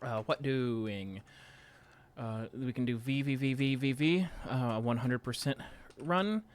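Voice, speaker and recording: A man's voice: medium pitch, measured pace. A man streaming from home, chatting casually and rambling playfully while setting up a poll.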